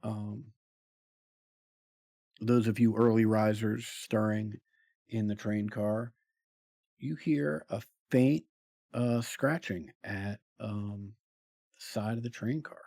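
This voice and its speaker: A man narrating a tabletop role-playing game as game master, slow and hesitant with many pauses and fillers. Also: fairly low pitch, fairly even intonation, warm tone, dry recording, studio quality.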